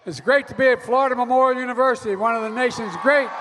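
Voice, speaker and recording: An older male politician shouting a campaign rally speech. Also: extremely high pitch, fast. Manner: shouting over the crowd. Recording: loud crowd and noise.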